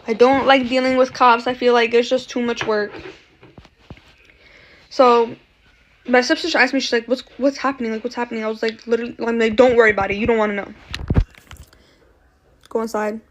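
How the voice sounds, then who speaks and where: A woman's voice: a little high, moderate pace, pauses often. Young woman telling a wild storytime. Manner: swearing, animated retelling with quoted voices. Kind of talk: casual storytime.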